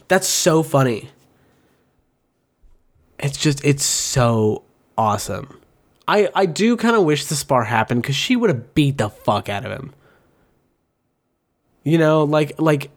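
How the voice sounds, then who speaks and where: Rambling, swearing casual host. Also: male voice, mid-range voice, a little slow, long pauses. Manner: rambling and animated, heavy swearing, many fillers; mimics other people's voices in quotes. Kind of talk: casual commentary.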